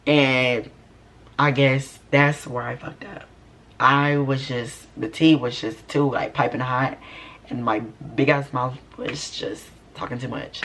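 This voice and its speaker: A man's voice: mid-range voice, takes it slowly. Sassy young man telling a story. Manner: animated, sassy, slangy storytelling. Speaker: vlogger. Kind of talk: storytime vlog.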